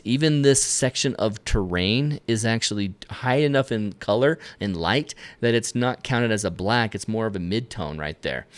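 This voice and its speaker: Upbeat male host, mid-range voice, teaching viewers live at the camera. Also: mid-range voice. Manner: energetic, talks to viewers directly with self-directed asides. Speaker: photography instructor. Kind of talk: live-stream tutorial. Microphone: camera lens mic, at a desk facing the camera.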